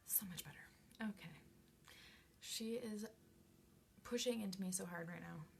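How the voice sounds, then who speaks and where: Woman, makeup live-streamer at home, even mid-range voice, chatty with soft whispered asides, slight background noise. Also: medium pitch, slow, gravelly. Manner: chatty, drifts into soft half-whispers, coos at her cat. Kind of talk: casual live makeup tutorial. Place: indoors at home at a makeup mirror.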